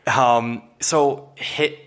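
A young man co-hosting a podcast in relaxed casual chat, swearing freely and laughing often. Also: medium pitch, drawn-out words. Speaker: podcast co-host.

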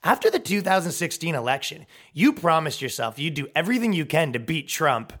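A man's voice: a little high, sing-song, fairly quick, a bit bright. Guy doing a sarcastic comedy rant, swears a lot, voice jumps all over. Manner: mocking, sarcastic, swears freely. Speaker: comedy podcast host.

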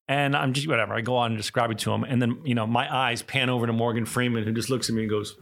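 Middle-aged man, animated raconteur, casual and self-correcting. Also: medium pitch, a little fast, gravelly, few pauses. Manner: animated, with frequent restarts and laughter. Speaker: actor and director, guest. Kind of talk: casual interview storytelling.

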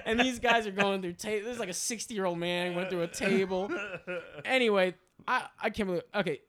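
A man co-hosting a podcast, telling an animated, rambling story full of fillers and swearing. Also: high-pitched, fairly quick, crowd noise. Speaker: podcast co-host.

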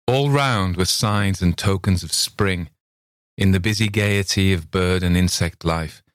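A man narrating a classic short story in a measured, steady reading voice. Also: low voice, dry recording, clean studio sound. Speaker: reader. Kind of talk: audiobook narration.

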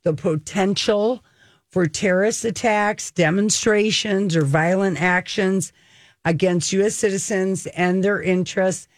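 A woman co-hosting a radio talk show, chatting and telling stories in an animated way. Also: mid-range voice, unhurried, dry recording, studio quality. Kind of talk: casual chat. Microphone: studio mic.

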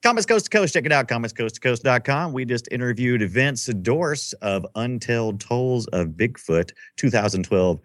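A man's voice: mid-range voice, moderate pace, few pauses, no room sound, clean studio sound. A man co-hosting a casual podcast, trading short wisecracks and plugging his own show. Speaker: podcast co-host.

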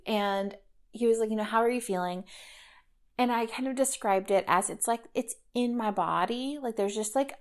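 A woman in her thirties hosts a solo podcast, talking casually and reflectively in a mid-range voice with vocal fry. She often says "like" and "kind of."

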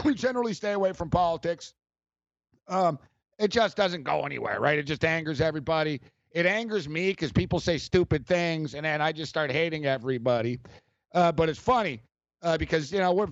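A man hosting a sports talk show, rambling and animated, with many fillers and frequent laughs. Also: high voice, dry recording, muffled recording. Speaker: sports radio host.

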